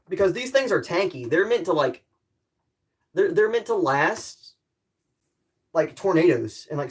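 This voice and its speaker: Chatty self-mocking woman streamer. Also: medium pitch. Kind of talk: casual live-stream chat while tinkering. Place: bedroom at home.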